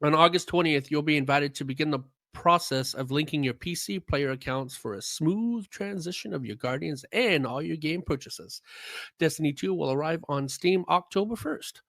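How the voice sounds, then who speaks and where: A man's voice: fairly high pitch, normal speed, creaky, a bit bright, no echo. A man hosting a casual gaming podcast, reading news notes aloud and joking. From United States. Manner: jokey, reads notes aloud with frequent laughs.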